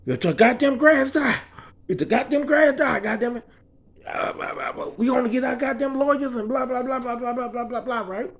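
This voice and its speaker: A man's voice: very high-pitched, a little fast, voice pushed up. A man voicing a frantic, easily panicked boss who sputters and swears nonstop. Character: frantic cursing male boss, middle-aged, easily panicked.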